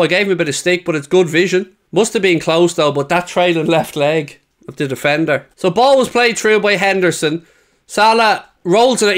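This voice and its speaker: Man, high-pitched, ranting football reaction, swears a lot. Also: a bit bright. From England. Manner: heated, swearing, frequent outbursts. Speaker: football fan reacting to highlights. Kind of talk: casual match reaction commentary.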